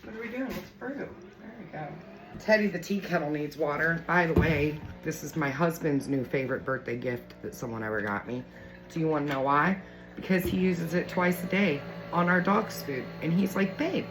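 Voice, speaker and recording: A woman's voice: deep voice, normal speed, music in the background. A young woman chatting casually in her home kitchen for a morning coffee vlog, playful and talkative, cooing at her cat now and then. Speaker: vlogger. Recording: noisy home kitchen recording.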